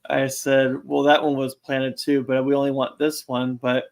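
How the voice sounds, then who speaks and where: A man's voice: mid-range voice, level tone, moderate pace, gravelly. A man co-hosting a casual chat show, easygoing and plainly retelling conversations. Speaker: co-host.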